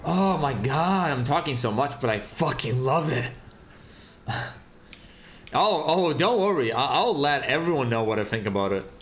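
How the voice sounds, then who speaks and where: A man's voice: medium pitch, normal speed, roomy sound, slight background noise. A man streaming a game and chatting casually, ranting with lots of swearing. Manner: profane, animated ranting. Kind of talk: casual chat while gaming.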